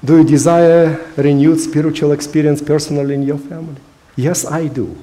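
A man's voice: on the high side, steady tone, a little fast, mellow. A man preaching a sermon in English, which is not his first language, earnest and emphatic with frequent hesitations. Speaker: pastor.

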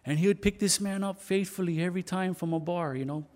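A man preacher telling a story in his sermon, halting now and then and repeating words. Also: sits high, a little mellow.

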